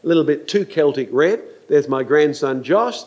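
Older male preacher, animated sermon delivery with a somewhat high voice, acts out quoted lines. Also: moderate pace, lo-fi sound.

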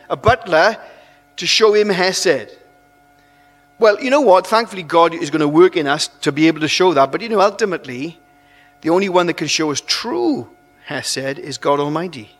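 A man preaching a sermon in an animated, conversational way, restarting phrases, with long hall reverb. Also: high voice, normal speed.

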